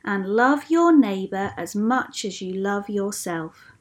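A woman voicing Jesus as a calm, kindly male teacher in a read-aloud storybook, speaking gently and patiently. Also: medium pitch, slow pace. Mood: gentle.

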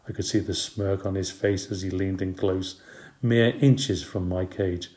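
A man reads a children's storybook aloud in a low voice. His reading is steady and expressive. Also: unhurried. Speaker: audiobook narrator. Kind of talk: storybook narration.

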